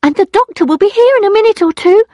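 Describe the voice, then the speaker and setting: A woman reading an audiobook, voicing an anxious female servant with a high, eager tone. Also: lively intonation, quick pace, warm tone, no echo, highs cut off.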